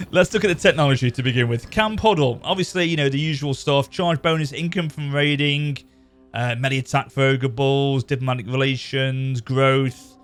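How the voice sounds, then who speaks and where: A man giving casual, rambling commentary over a strategy game. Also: medium pitch. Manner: chatty, rambling, self-correcting. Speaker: gaming channel host. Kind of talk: casual let's-play commentary.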